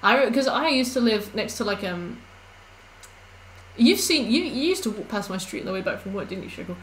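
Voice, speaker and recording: A woman's voice: medium pitch, expressive, quick pace, a little hiss or hum, poor audio. Chatty woman streaming a game. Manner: rambling, chatty storytelling with many fillers. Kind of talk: casual live-stream chat while gaming.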